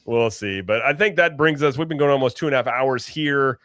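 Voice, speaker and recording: A man's voice: mid-range voice, brisk, a bit bright, no room sound, studio quality. A man hosting a casual livestream podcast, chatty, often restarting and correcting himself. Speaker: podcast host. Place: home, late at night.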